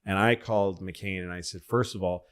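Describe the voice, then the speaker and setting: A man's voice: low-pitched, steady tone, moderate pace, clean tone. A middle-aged man from Massachusetts, a podcast guest telling rambling anecdotes in casual chat and acting out other people's voices.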